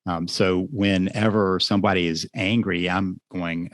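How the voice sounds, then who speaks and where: A man who works as a marriage therapist, guest on a podcast interview, explaining things in a measured way with examples from his sessions. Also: low voice, steady tone, no room sound.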